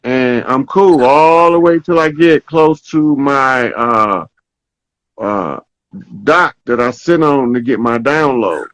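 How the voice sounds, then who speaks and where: Slow-talking man telling a story. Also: medium pitch, fairly bright tone, dry recording, poor audio. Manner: slow, storytelling, checks in with "right?" often. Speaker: podcast host. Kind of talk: casual spiritual talk.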